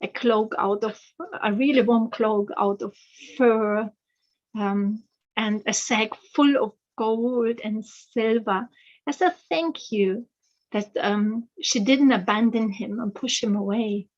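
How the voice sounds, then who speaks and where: Slow, hesitant woman storyteller. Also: a little high, steady tone, a little mellow, lo-fi sound. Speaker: author and storyteller. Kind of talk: fairy tale storytelling.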